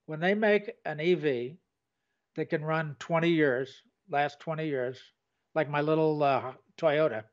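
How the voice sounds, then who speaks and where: A man co-hosting a relaxed conversation, talking plainly and poking fun at himself. His voice sits a little high, and the audio comes through muffled and dull. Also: unhurried. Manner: plainspoken, self-deprecating humor. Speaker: co-host. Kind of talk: casual chat.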